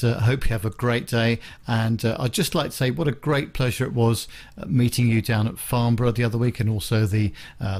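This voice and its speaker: A man leaving a friendly recorded birthday message, chatty with many filler pauses. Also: mid-range voice, a little mellow.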